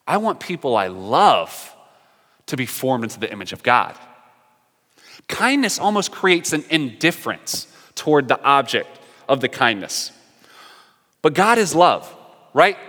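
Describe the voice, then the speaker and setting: Earnest preacher with a bright voice. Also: male voice, fairly high pitch, big pitch swings, measured pace, long reverb tail. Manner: earnest, swings from emphatic to hushed. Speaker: pastor. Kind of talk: sermon.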